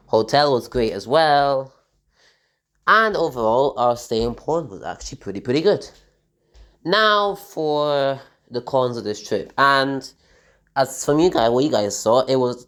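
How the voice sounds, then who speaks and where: A man's voice: medium pitch, clear, resonant tone. A man recapping his trip in a casual travel vlog, chatty and loose, with lots of fillers and restarts, talking while travelling in a vehicle. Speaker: travel vlogger.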